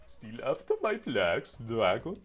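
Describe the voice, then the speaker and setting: A man's voice: medium pitch, huge pitch swings, faint music behind, voice pushed up. A man putting on a haughty villain. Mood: gloating. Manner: haughty, drawn-out taunting. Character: pompous villain guarding flags, male.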